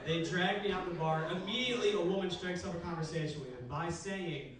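A young man from Philadelphia doing a stand-up set, deadpan and halting with fillers, heard from a club stage with a handheld mic. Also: sits high, recorded from a distance, a crowd in the background. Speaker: stand-up comedian. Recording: echoey club recorded from afar, loud noise. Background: audience laughter.

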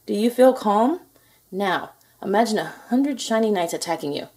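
A woman's voice: medium pitch, lively intonation, normal speed, a little mellow, pitched above the performer's own voice, natural voice. A woman voicing an eager, kind young boy knight in a children's picture book read-aloud.

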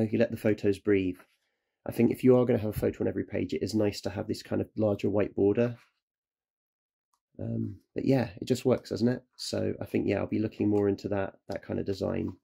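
A man's voice: on the low side, vocal fry, mellow, husky. A man who is ill, chatting casually through a how-to vlog as a photographer, rambling and correcting himself. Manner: rambling, self-correcting, apologetic. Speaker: photographer and self-publisher.

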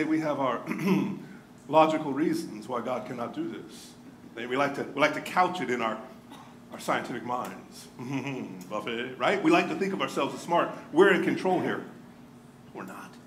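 Pastor guy preaching, goes quiet then punchy, echoey church room. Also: on the high side, slight background noise. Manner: earnest, swings from hushed to emphatic. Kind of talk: sermon. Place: church sanctuary. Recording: roomy church hall.

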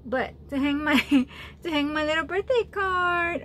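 A woman chatting casually while opening mail on a home craft vlog, gushing and excitable with frequent exclamations. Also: sits high, unhurried, a little hiss or hum. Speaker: craft vlogger opening birthday challenge mail. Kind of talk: casual unboxing chat.

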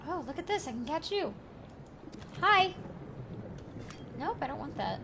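A young woman hosting a casual let's play, excitable and talking to game creatures as she plays. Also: extremely high pitch, measured pace, pauses often, noisy background. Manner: excitable, talks to game creatures, jumps from whispers to yelps. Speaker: gaming channel host.

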